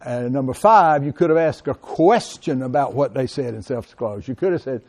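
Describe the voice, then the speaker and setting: Animated middle-aged man lecturing a class. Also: medium pitch, normal speed, few pauses. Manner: animated, addresses students directly as guys. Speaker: college lecturer.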